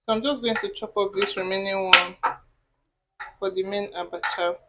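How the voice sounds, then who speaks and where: A woman's voice: mid-range voice, fairly even intonation, normal speed, lo-fi sound, heavy background noise. Chatty woman cooking on camera. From Nigeria. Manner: chatty, talks while cooking, asides to viewers. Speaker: cooking vlogger. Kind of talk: casual cooking tutorial. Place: home kitchen.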